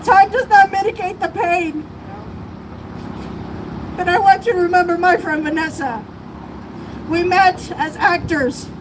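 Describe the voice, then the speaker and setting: Out on a city street, a woman with a high voice gives a fervent, emotional protest-rally speech, occasionally breaking. A streamer's camera mic among the crowd picks it up live, along with the crowd and passing traffic.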